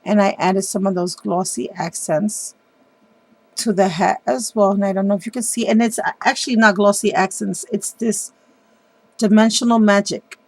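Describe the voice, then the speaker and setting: A woman hosting a craft video, chatting warmly and enthusiastically about how she made a card, with frequent ums. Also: mid-range voice, steady tone, moderate pace, dry recording. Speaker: papercraft video host. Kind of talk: casual craft show-and-tell.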